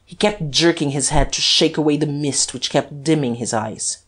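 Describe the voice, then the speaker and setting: A woman narrating an audiobook in a measured, deliberate reading. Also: low voice, husky. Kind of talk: scripted narration.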